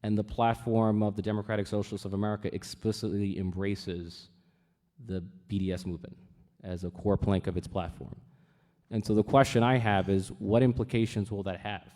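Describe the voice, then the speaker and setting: Lower-voiced man speaking in a hall. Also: dark tone. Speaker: city council member. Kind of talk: speech at a teach-in. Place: event hall. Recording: reverberant hall.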